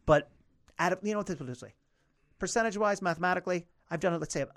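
Animated, swearing comedian, higher-pitched man. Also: quick pace. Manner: animated, profane storytelling. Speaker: comedian guest. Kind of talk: casual podcast conversation.

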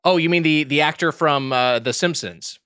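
Man, podcast co-host, bright forceful tone, rambling excited stories, dry studio sound. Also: fairly high pitch, normal speed, clear, resonant tone, no room sound. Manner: excited, laughing, tangent-prone storytelling. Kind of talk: casual chat.

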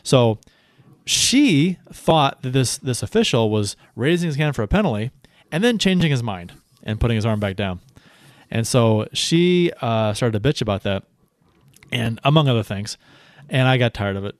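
A man co-hosting a hockey podcast, talking in a loose, rambling way. His voice is at an ordinary pitch for a man, recorded close and dry with no room sound. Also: expressive, normal speed, no room sound. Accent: St. Louis. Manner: rambling, many fillers and restarts. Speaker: podcast co-host. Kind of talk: casual sports chat.

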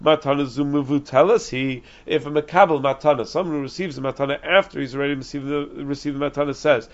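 A man teaching a Talmud lesson, explaining quickly and reasoning aloud with frequent restarts, dropping in Aramaic and Hebrew terms. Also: on the high side, fairly even intonation. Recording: dull lo-fi recording.

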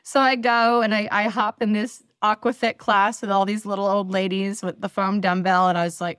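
A woman's voice: medium pitch, level tone, normal speed, hardly any pauses, fairly bright tone, clear, resonant tone, no room sound, clean studio sound. A woman in her forties from the northeastern United States, a podcast guest telling chatty, self-deprecating stories with many fillers. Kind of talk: casual interview storytelling.

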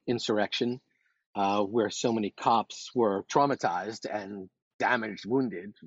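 A man who teaches meditation, speaking in a podcast interview in a calm, unhurried way and talking listeners through a slow breathing exercise. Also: on the low side, dry recording. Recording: dull, slightly lo-fi podcast audio.

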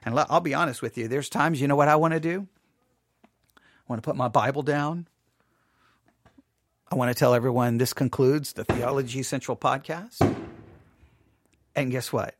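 A man hosting a Bible podcast, chatting casually and restarting his sentences, then reading scripture slowly and solemnly. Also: medium pitch. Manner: chatty and self-interrupting, reads scripture in a slow solemn cadence. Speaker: podcast host and Bible teacher. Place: small home studio.

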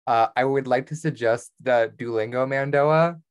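Playful joking co-host, mid-pitched. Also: normal speed, clear, resonant tone. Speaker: podcast co-host. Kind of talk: casual chat.

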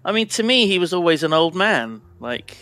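Rambling young man, slightly high voice. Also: big pitch swings, moderate pace, sharp tone, no room sound. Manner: rambling, self-mocking, laughs often. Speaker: podcast co-host. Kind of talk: casual chat.

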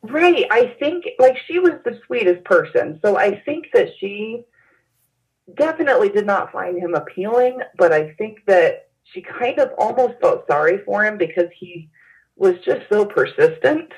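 A woman recalling events in an interview, speaking haltingly with frequent pauses and fillers. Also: mid-range voice, animated, a little mellow. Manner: hesitant, halting with many fillers. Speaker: interview guest. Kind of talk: personal recollection in an interview. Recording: dull lo-fi sound.

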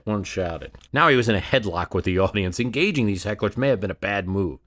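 Low-voiced man narrating a history story. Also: animated, fairly quick, few pauses, a bit bright. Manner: storytelling, rhetorical questions, varied emphasis. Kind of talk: dramatic scripted narration.

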